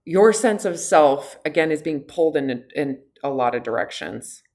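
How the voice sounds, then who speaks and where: Low-voiced woman coach, middle-aged, direct and lively, talking a client through personal issues. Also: moderate pace. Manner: direct, frank, animated, laughs easily. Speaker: health coach. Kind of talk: one-on-one consultation.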